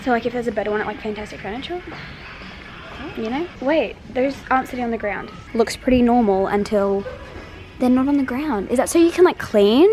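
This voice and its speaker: A woman's voice: on the high side, fairly quick, a little mellow, rough recording. A young woman vlogging in a casual, chatty way who says "like" constantly, filming herself handheld as she moves around. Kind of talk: casual vlog chat. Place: bedroom at home, then a furniture store. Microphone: camera on a tripod, then handheld.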